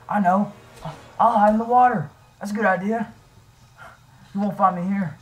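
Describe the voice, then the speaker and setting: A young man voicing his own character in a fan-made game drama, excitable and swinging between shouting and nervous mumbling. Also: high-pitched, normal speed, pauses often, slight background noise, poor audio. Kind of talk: improvised fan machinima dialogue.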